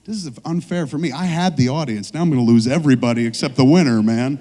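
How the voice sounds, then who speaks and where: A man's voice: medium pitch, fast talker, mellow, in a large hall. Profane, rambling man telling stage anecdotes. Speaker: filmmaker guest speaker. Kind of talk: on-stage storytelling to a live audience. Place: trade show stage before an audience.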